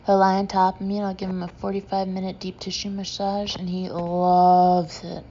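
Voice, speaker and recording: A woman voicing a gay Texan man, a doting dog lover who gushes earnestly in a deep twang. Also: monotone, moderate pace, mellow, highs cut off, a little hiss or hum, lightly acted. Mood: gushing. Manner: gushing, earnest.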